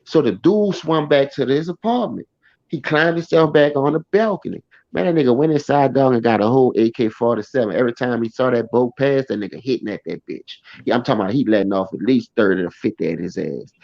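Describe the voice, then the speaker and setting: A man telling a personal story in a blunt, profane, animated way. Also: medium pitch, fast talker, vocal fry, no room sound. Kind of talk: casual first-person storytelling. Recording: dry, slightly dull recording.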